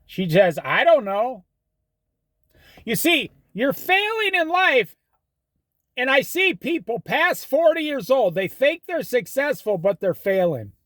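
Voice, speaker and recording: Host, middle-aged man, high bouncy voice, folksy sermonizing monologue, dry close sound. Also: sing-song, measured pace, fairly bright tone, dry recording. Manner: folksy, preachy advice with storytelling. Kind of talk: casual monologue.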